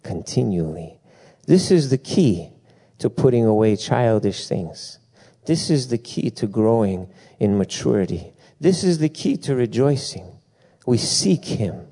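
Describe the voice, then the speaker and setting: Mellow-voiced male preacher telling stories. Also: medium pitch, measured pace. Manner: lively storytelling with frequent asides and laughter. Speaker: pastor. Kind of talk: sermon.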